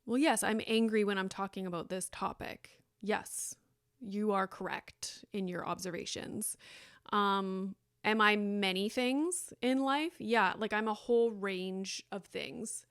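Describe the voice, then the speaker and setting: Chatty young mother with a smooth voice. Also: measured pace, dry recording, clean studio sound. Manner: candid and chatty, with frequent likes and ums; mimics others in higher, brighter voices. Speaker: podcast host. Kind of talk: casual solo podcast talk.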